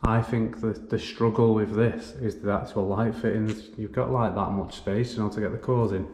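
A man's voice: fairly low pitch, steady tone, moderate pace, darkish tone. A man, an electrician, chatting casually and thinking aloud as he works indoors in a house being renovated. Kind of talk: casual explanation while working. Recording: echoey room with faint background noise.

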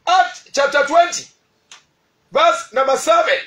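Ghanaian male preacher, very high voice, slow emphatic delivery, distant from the mic. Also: animated. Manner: emphatic, shouting key phrases and slowing to stress scripture. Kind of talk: radio sermon.

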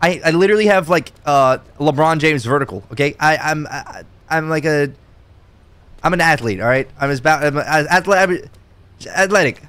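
A man's voice: on the high side, moderate pace, a bit bright, clean tone. A man streaming a game, bragging and joking with his chat while jumping around and getting out of breath. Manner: boastful and joking, talking straight to chat. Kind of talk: casual live-stream game commentary.

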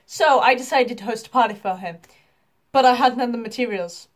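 Teen girl, scripted intro narration, slightly high, measured delivery. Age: teens. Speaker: Minecraft YouTuber.

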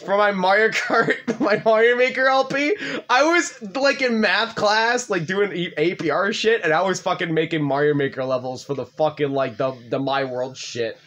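A man's voice: high-pitched, normal speed, few pauses, fairly bright tone. A young man co-hosting a casual gaming chat, rambling, laughing and swearing often. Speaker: gaming channel co-host.

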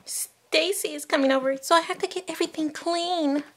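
A woman's voice: extremely high pitch, steady tone, moderate pace, a bit bright, slight background noise. A woman voicing the lead doll in a toy play video, cheerful and a little bossy.

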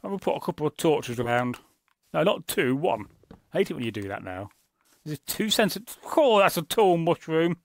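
A man's voice: on the high side, very animated, moderate pace. A man giving chatty, joking running commentary as the host of a gaming channel. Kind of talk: casual gameplay commentary.

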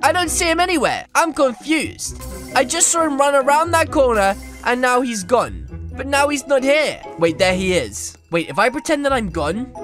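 A young woman YouTuber giving playful, animated game commentary and teasing her friends. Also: high voice, over music. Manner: animated, teasing, quick switches between narration and banter. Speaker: gaming YouTuber.

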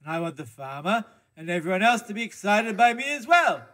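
A man's voice: high-pitched, big pitch swings, a little fast, a bit bright. A man voicing a glum, earnest male donkey puppet for a children's church segment, breaking his sentences with hee-haw brays. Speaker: kids' time puppet character.

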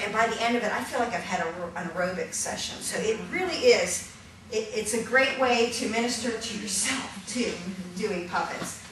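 A lively woman runs a hands-on puppetry workshop, laughing easily and counting her group through each drill. Her voice sits a little high and comes from some distance off the mic. The room rings with heavy echo, and clear background noise hangs under her. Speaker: puppetry instructor. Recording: echoey room from a distance, noisy.

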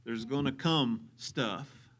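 A man's voice: medium pitch, slow pace, fairly bright tone. A man with a Southern US accent preaching a sermon as pastor, repeating phrases for emphasis and chuckling now and then.

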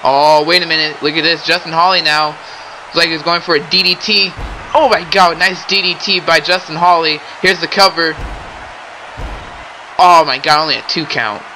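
A young man doing excitable play-by-play wrestling commentary, often exclaiming and addressing the audience. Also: on the high side, normal speed, slight background noise, poor audio. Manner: excitable, keeps exclaiming and saying ladies and gentlemen.

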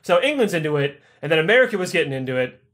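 Profane male podcast host, slightly high voice, rambling comic history. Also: sing-song, racing, a bit bright, soft background music. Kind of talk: irreverent comedic history retelling.

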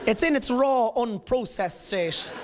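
A man's voice: very high voice, animated, a little slow, a loud crowd, very noisy. A man in his thirties with an Irish accent, performing live stand-up on stage, telling stories in a rambling, self-interrupting way. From Ireland. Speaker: stand-up comedian. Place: stage in a live comedy venue.

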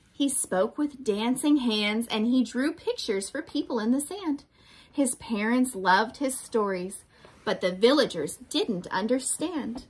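A woman reads a picture book aloud to children, taking her time and pausing to ask them questions. Her voice is pitched a little high and swoops through an animated range. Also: slightly rough. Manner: slow, expressive, asks children questions. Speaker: teacher reading to children.

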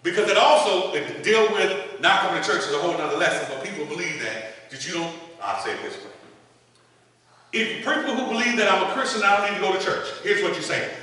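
A man preaching with a bright, forceful voice pitched somewhat high, in a folksy style that draws call-and-response. He sounds far from the mic, and his voice rings through a big echoing church hall. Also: big pitch swings, a little fast. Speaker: minister. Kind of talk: sermon. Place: church sanctuary.

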